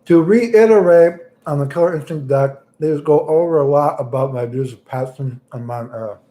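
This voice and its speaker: A man's voice: on the high side, normal speed, dark tone. A man livestreaming in casual chat, rambling and making crude jokes as he talks about fighting games.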